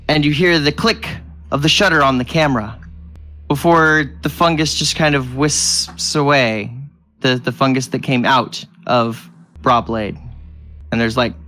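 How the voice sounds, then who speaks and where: A man in his thirties narrating a tabletop game as game master, describing scenes in a halting way with fillers. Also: medium pitch, pushed and bright.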